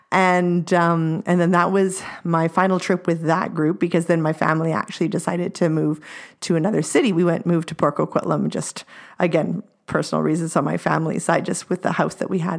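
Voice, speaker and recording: Chatty woman from British Columbia, low voice. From British Columbia, Canada. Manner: chatty, laughs often, many fillers. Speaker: podcast guest, former French immersion student. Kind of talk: casual chat.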